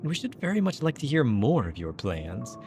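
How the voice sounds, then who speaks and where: A man reading the lines of a solemn, otherworldly ghostly creature in a stately, measured way. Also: mid-range voice, sing-song, a little mellow, faint music behind.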